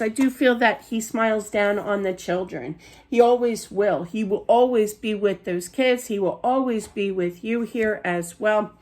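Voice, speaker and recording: A woman with a Philadelphia accent giving a spiritual card reading in a rambling, reassuring way, often checking in with "okay?" and "you know.". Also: on the high side. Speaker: psychic card reader.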